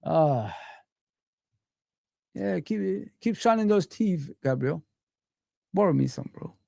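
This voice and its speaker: A man's voice: sits high, lively intonation, takes it slowly, gravelly, mellow, no room sound, studio quality. A man hosting a football live stream, ranting in heated street slang as he reads the chat.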